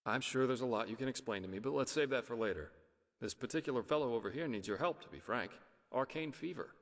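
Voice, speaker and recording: A man's voice: mid-range voice, fast talker, in a large hall, natural voice. An actor playing a dry, frank male mercenary guide with a wry, matter-of-fact manner.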